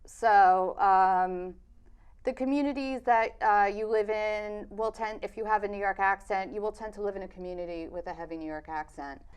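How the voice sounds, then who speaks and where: A woman filmmaker answering interview questions in a thoughtful, measured way, pausing on fillers. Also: medium pitch, fairly even intonation, smooth. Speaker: documentary filmmaker, interview guest.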